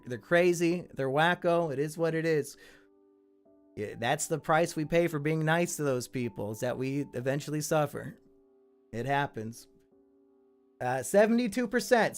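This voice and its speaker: A man hosting a live stream, reading out viewer stories and commenting to the chat in a blunt, crude, freely swearing way. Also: on the high side. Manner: chatty asides to the chat.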